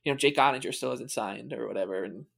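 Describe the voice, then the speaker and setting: Rambling man with halting speech. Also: mid-range voice, gravelly, a bit bright, breathy edge. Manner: rambling, halting, many fillers. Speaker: podcast co-host. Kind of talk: casual sports podcast chat.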